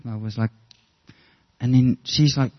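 A man's voice: mid-range voice, steady tone, unhurried, dull audio. A middle-aged man preaching a sermon, earnest and storytelling, often restarting his words. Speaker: pastor.

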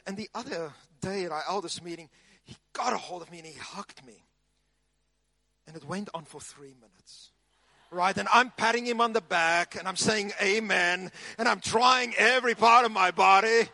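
A man preaching, his voice high and bright. He tells funny stories in an animated, lively way. The sound is dry and close. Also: dry recording. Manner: animated, humorous storytelling. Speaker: pastor. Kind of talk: sermon.

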